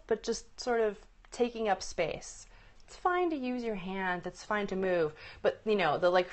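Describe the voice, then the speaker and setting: A woman coaching on presentation skills in a chatty live stream, upbeat and conversational, often laughing and checking in with "right?". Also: mid-range voice. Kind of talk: live-stream teaching talk. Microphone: phone.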